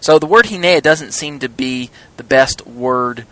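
Male Bible teacher, mid-pitched voice, halting explanations, fillers, spells out terms letter by letter. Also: expressive, pushed and bright. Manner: searching for words, frequent fillers and restarts. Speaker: Torah teacher.

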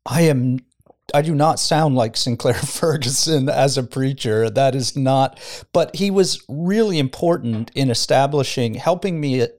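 A middle-aged pastor talks reflectively in a relaxed studio podcast conversation, often chuckling as he tells a story. His mid-range voice is a little mellow and moves at a measured pace.

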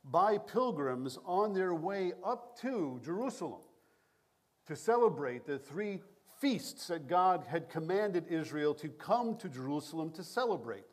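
A male pastor with a slightly higher voice delivers a sermon in a measured, prayerful cadence. His New York accent shows through at times.

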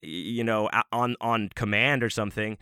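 A man's voice: on the low side, fairly even intonation, normal speed, bright, forceful tone, clean tone, dry recording, studio quality. A man hosting his own show, telling a rambling, profane, self-mocking story in a casual monologue. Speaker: podcast host.

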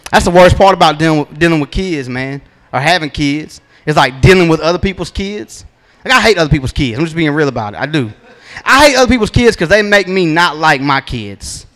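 A man's voice: on the high side, expressive, fairly quick, fairly bright tone. A man, doing a stand-up comedy set in a laid-back, drawling storytelling manner with punchy asides, on a handheld stage mic.

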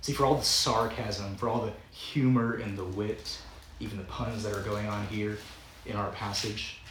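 A man's voice: on the low side, steady tone, moderate pace, a bit bright, echoey room, a little hiss or hum, low-quality recording. A man preaching a sermon as pastor, in a conversational, playful way that often breaks into chuckles. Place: church sanctuary.

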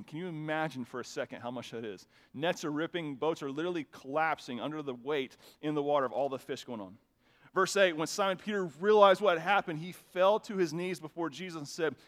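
A man with a notably high voice delivers a sermon from the pulpit. He keeps it conversational and chatty, then swells into emphatic, animated passages. He speaks into a microphone in a church. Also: brisk. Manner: conversational preaching, builds to emphatic bursts. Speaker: pastor. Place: church sanctuary with a sound system.

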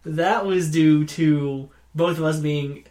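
A man's voice: on the high side, fairly even intonation, takes it slowly, darkish tone. A man hosting a podcast in casual, teasing chat with his co-host. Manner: laughing, teasing.

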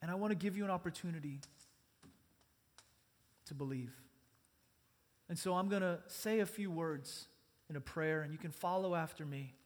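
A man's voice: a little high, moderate pace, long pauses. A man preaching a sermon as pastor, earnest and conversational, speaking in a church sanctuary. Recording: long church reverb.

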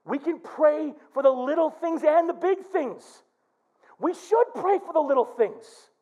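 A man's voice: very high voice, a little slow, muffled recording. A middle-aged male pastor preaching a sermon, telling stories and acting out prayers. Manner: animated preaching with quoted prayers.

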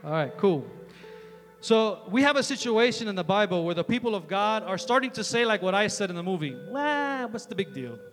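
High, bright-voiced man preaching in a hall. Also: brisk, soft background music. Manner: energetic, chatty storytelling with many fillers. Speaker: youth preacher. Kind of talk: sermon. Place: large hall with an audience.

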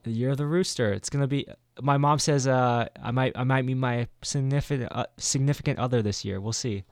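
Male podcast co-host, casual and mid-pitched, thinks aloud with lots of fillers and false starts. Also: brisk, no echo, clean studio sound. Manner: rambling, many fillers and restarts.

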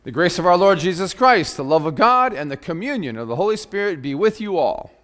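A male pastor speaking in a church sanctuary. His delivery is measured and earnest, and he slows into thoughtful pauses as he reads scripture and reflects aloud. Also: high-pitched, sing-song, a bit bright. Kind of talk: liturgy and sermon.

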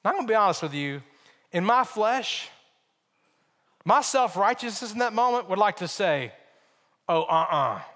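A male pastor with a high voice delivers a sermon. He stresses his points, repeats phrases and asks his listeners rhetorical questions. His voice rings with the long reverb of a large hall. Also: expressive, normal speed, long pauses, fairly bright tone.

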